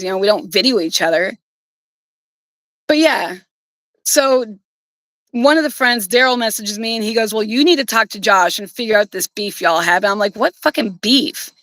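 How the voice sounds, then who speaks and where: A woman's voice: medium pitch, animated, brisk, a bit bright, no room sound, rough recording. A woman streamer telling a personal story in a casual, rambling way, swearing bluntly.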